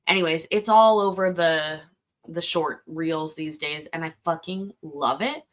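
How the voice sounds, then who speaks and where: Hosting a live stream, a woman gives casual running commentary on a court show clip, rambling, chatty and swearing freely. Her voice sits low and moves at a measured pace.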